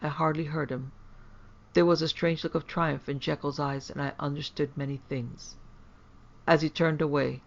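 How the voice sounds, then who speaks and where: A man reading a horror story aloud in a measured, grave way. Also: fairly high pitch, level tone, gravelly. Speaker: narrator. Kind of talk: scripted horror story narration. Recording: dull lo-fi.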